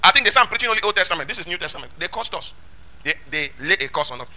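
High, bright-voiced preacher. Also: male voice, animated, very fast. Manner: emphatic, rhetorical questions, shouts scripture lines. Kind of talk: sermon.

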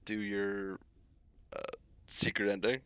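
A man's voice: fairly low pitch, flat delivery, takes it slowly, a bit bright, clear, resonant tone, no echo. A man streaming a game, chatting casually with friends and laughing often. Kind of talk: casual gaming chat.

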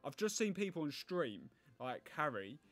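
Excitable man commenting on gameplay. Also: fairly high pitch, normal speed. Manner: excitable, thinks aloud, groans and pleads at the game. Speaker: gaming YouTuber.

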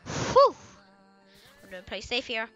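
A woman chatting through a video game, excitable and often bursting into startled screams as she talks to herself and the other players. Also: a little high, moderate pace, lo-fi sound, faint music behind. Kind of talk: casual gameplay commentary.

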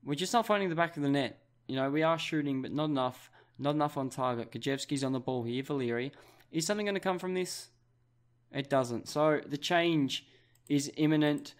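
Young Australian guy calling the action in his football manager game, fairly high voice, gets excitable. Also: brisk. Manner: excitable play-by-play commentary. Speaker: gaming YouTuber.

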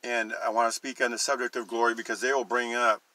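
Man, Bible teacher, emphatic; bright, pushing voice, dry recording. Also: mid-range voice, flat delivery, dry recording. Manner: emphatic, slows down and stresses scripture readings. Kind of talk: online Bible teaching video.

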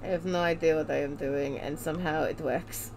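A woman's voice: low-pitched, fairly even intonation, brisk, background noise. A woman streaming a game as a VTuber, chatting playfully and muttering to herself while she draws. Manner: playful, goofy, talks to herself while drawing.

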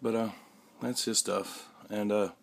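Young man, low gravelly voice, halting casual vlog to camera. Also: fairly even intonation, slight background noise. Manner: halting, many restarts and fillers. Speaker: vlogger. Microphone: handheld camera mic.

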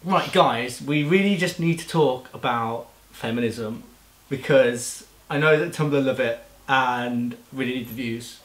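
An earnest young male vlogger with a voice pushed low and a slow, serious delivery, as a man puts him on. The tone drops and goes soft on the ends of phrases. An echoey room surrounds him. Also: lightly acted. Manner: put-on deeper voice.

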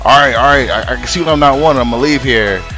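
A man voicing a huge panicked male flying bug trapped in a house, flustered and loud. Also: mid-range voice, rapid-fire, music in the background, pitched above the performer's own voice, close to an everyday voice.

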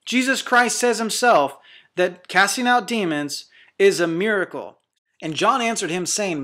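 A man's voice: high voice, moderate pace, fairly bright tone. A man preaching as a deliverance minister, fervent and confrontational, hammering out short repeated declarations. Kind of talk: preaching sermon to camera.

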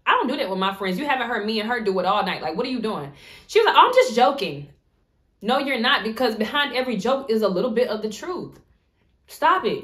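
A woman telling a story in a casual vlog, acting out what people said and laughing often. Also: fairly high pitch. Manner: animated storytelling, acts out quotes. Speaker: vlogger.

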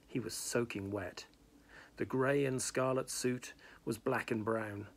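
A man's voice: medium pitch, fairly even intonation, takes it slowly, gravelly. A man reading a novel aloud in plain narration, with small slips and restarts. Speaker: reader.

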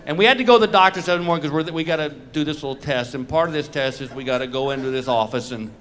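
A middle-aged man telling self-mocking stories in a live stand-up set, acting out his own reactions with animated delivery. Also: on the high side, rapid-fire. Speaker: stand-up comedian. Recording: noisy live comedy recording.

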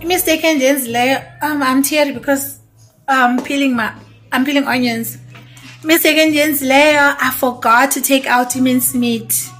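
A woman's voice: high-pitched, steady tone, normal speed, fairly bright tone, soft background music. A young South African woman chatting casually with her vlog viewers in her home kitchen, switching between Xhosa and English and often calling out to them. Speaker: mom vlogger.

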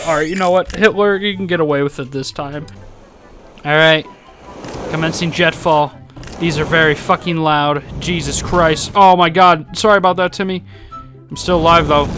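A man commentating a game casually, excitable, swearing, laughing and yelping apologies to the characters. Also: high voice, normal speed, soft background music. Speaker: gaming YouTuber. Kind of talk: casual let's play commentary.

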